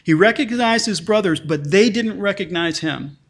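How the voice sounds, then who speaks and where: A man's voice: high-pitched, animated, moderate pace, a bit bright. A male pastor preaching a sermon in a conversational way, often restarting and repeating words, and reading scripture passages aloud with lifted emphasis.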